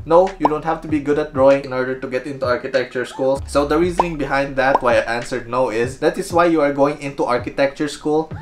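A young man from the Philippines with a Filipino accent, chatting playfully and poking fun at himself while answering viewer questions in a casual vlog. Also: medium pitch. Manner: playful, self-mocking, chatty. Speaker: architecture video creator.

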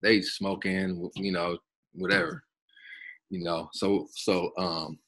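A man's voice: deep voice, animated, slow, gravelly, a little hiss or hum. A man, a pro basketball player, telling loose, slangy stories as a podcast guest, swearing freely and repeating himself. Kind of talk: casual storytelling.

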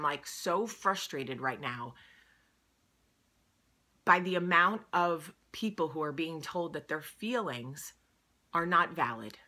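A woman speaks in a casual, heartfelt monologue to her viewers. Her voice is bright and pointed, and she sounds earnest and openly emotional as she presses her points home. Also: sits low. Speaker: vlog host.

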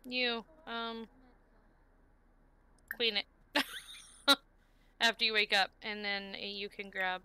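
A woman's voice: fairly high pitch, fairly even intonation, slow, pauses often, bright, forceful tone, faint music behind. A woman streaming a life-sim game, chatting casually and coaxing the characters on screen. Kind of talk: casual gameplay commentary.

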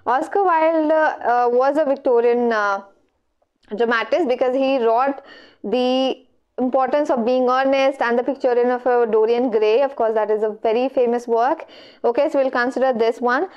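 A woman's voice: on the high side, normal speed. A woman with an Indian English accent teaching an online exam revision lecture, explaining step by step and checking in with frequent okays. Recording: dull lo-fi mic.

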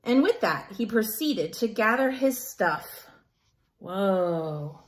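A woman teacher reading a picture book aloud to children in an animated way, pausing to ask them questions. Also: medium pitch. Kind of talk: children's story time.

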